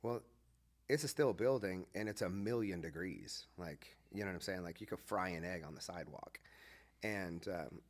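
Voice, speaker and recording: A man's voice: sits low, normal speed. A man, a former pastor, telling a story in a casual podcast conversation and acting out the lines of the people in it. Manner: animated, acts out quoted dialogue.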